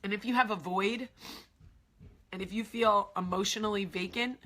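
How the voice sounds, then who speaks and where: Her vlog is a raw confession: a woman of about forty speaking tearfully and candidly, circling back over the same points and whispering some asides. The voice is mid-range and steady, moderately paced, with a pushed, bright quality.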